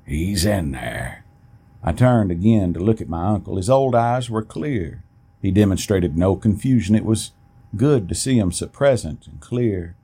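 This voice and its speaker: A man reading a first-person story aloud in a plain, steady way, with an occasional restart. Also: lowish voice, moderate pace, slightly rough.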